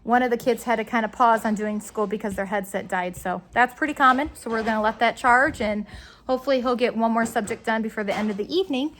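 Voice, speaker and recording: A woman's voice: a little high, quick pace, fairly bright tone, a little hiss or hum. A woman, a mother filming a casual home vlog in her family home, talking playfully and cooing at her toddler. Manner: playful, coos and teases a toddler.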